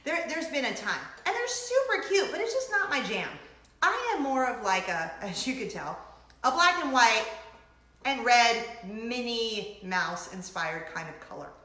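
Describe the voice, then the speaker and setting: Middle-aged woman host, bright and animated, giggly chat, echoey room. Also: a little high, a little slow. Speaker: host of a weekly chat show. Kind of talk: casual chat to camera.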